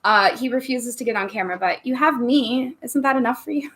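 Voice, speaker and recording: A woman's voice: on the high side, fairly even intonation, a little fast, a bit bright. A woman hosting a casual livestream from a room at home, chatty and bubbly, laughing often between thoughts. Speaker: livestream host.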